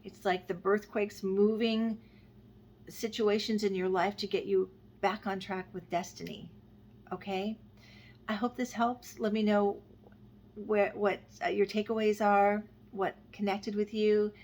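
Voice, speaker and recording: A woman giving gentle, heartfelt spiritual advice to camera, talking freely from the heart and trailing off softly at the ends of phrases. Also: medium pitch, steady tone, a little slow. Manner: gentle, heartfelt, meandering with fillers and soft trailing endings. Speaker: astrologer and spiritual guide. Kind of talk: unscripted spiritual talk to camera.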